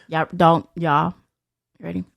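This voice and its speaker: A young woman as a podcast guest, telling a story in casual, profane, animated fashion and acting out the voices of others. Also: lowish voice, very slow, gravelly, dry recording, studio quality.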